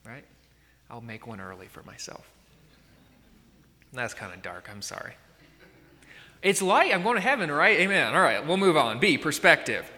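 A man preaching a conversational sermon, his voice pitched somewhat high and sounding bright and forceful. He keeps checking in with the room as he goes, and his words ring out with a long hall reverb. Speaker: pastor.

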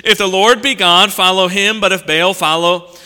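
A male preacher reading scripture aloud and commenting on it in an animated sermon, swinging between loud emphasis and quiet asides. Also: high voice, moderate pace, clean tone. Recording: long reverb from a large hall.

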